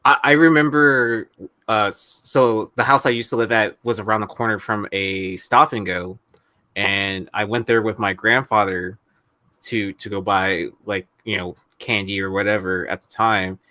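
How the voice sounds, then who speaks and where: A man co-hosting a podcast, remembering in a halting, hesitant way. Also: fairly low pitch, fairly even intonation, bright, forceful tone, dry recording. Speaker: podcast co-host. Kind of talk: casual reminiscing.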